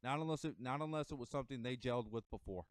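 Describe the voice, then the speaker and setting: A man's voice: mid-range voice, very fast, no echo. An American man giving a casual motivational monologue to camera, emphatic and a bit rambling. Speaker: vlogger giving motivational talk.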